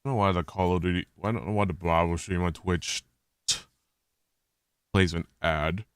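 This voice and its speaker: A man's voice: low-pitched, steady tone, normal speed, clear, resonant tone, dry recording, clean studio sound. A man chatting on a live stream, rambling and restarting his sentences as he gets fed up with technical problems. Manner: rambling, restarting sentences, exasperated about tech issues. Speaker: streamer hosting a watch party. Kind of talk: casual live-stream chat.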